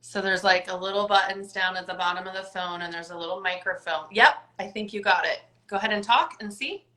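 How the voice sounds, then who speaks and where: A woman hosts a casual wellness chat over a video call. Her voice is bright and forward, and she talks in an upbeat, chatty way, full of "like" and "right?". A roomy echo hangs around her voice. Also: medium pitch, fairly quick. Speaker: host.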